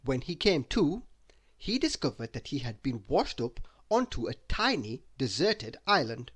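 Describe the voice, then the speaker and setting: A man reading a children's bedtime story aloud, slow and expressive. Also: medium pitch, slightly rough.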